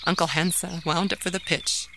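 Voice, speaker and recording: A woman narrating a children's story aloud in an expressive, sing-song manner. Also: on the low side, moderate pace, slight background noise.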